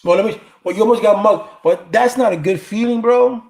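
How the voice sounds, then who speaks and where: Streetwise middle-aged man, a bit high-voiced. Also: brisk, gravelly, darkish tone. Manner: rambling, streetwise slang with frequent cursing. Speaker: livestream host reading viewer comments. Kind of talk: casual storytelling chat.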